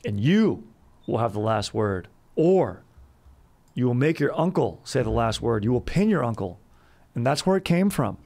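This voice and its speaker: A young man hosting a comedic history podcast in a loose, rowdy, jokey way with sudden shouted bursts. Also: mid-range voice, very animated, moderate pace. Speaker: podcast host.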